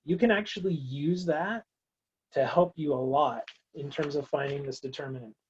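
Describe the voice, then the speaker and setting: A man's voice: a little high, normal speed, muffled recording, a little hiss or hum. A man teaching a recorded math lecture, working through steps aloud in a casual, wry way. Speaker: math instructor.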